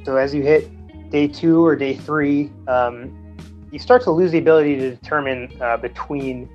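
A man in his thirties, a Navy veteran, telling his story casually in an interview with many fillers and chuckles. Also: on the high side. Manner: halting, chuckling, lots of fillers. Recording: slightly dull sound with faint music.

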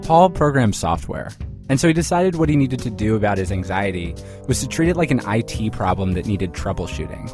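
A man narrating a scripted radio story with a wry, crisp delivery. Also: lowish voice, big pitch swings, a little fast, music in the background. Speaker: podcast host reporter.

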